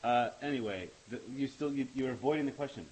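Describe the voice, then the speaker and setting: A man, the series creator, chatting playfully on an episode commentary, quick to joke and quote. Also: mid-range voice, a little mellow, a little hiss or hum. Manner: playful, jumps into silly voices and quotes. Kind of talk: casual joking commentary.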